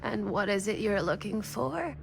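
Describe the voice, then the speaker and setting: Creaky old shopkeeper lady. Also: medium pitch, expressive, a little hiss or hum. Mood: welcoming. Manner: slow, gracious, welcoming. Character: creaky old woman curiosity-shop keeper, genteel. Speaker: video game character.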